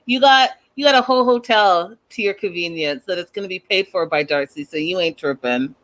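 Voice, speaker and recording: A woman hosting a casual recap, talking in an animated, sassy, slangy way. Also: on the low side, brisk. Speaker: host.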